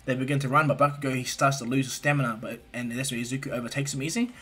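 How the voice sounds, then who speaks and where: A man's voice: mid-range voice, fairly even intonation, racing, fairly bright tone, breathy edge. A man casually retelling a fan story, rambling with fillers and restarts.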